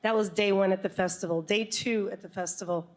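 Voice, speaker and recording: Animated woman telling a story on stage. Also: mid-range voice, a little fast. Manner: animated, laughing, comic asides. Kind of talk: live storytelling before an audience. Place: stage before a live audience.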